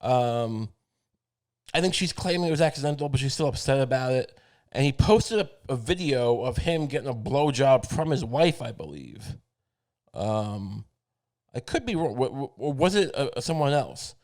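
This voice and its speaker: A man's voice: medium pitch, animated, normal speed, darkish tone. A man hosting a podcast, talking through a meandering, profane comedic monologue. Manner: rambling, meandering, profane, many fillers. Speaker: podcast host.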